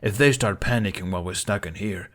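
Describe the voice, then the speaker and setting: A man voicing a stern, gruff middle-aged Viking chief who talks to his son in a curt, dismissive way. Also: fairly low pitch, brisk, fairly bright tone, close to an everyday voice.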